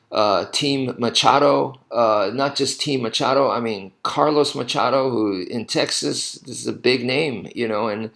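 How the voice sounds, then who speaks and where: Gravelly man rambling through a story. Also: medium pitch, fairly bright tone. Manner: rambling and self-correcting, frequent "you know" asides. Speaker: martial arts instructor. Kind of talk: casual spoken storytelling to camera.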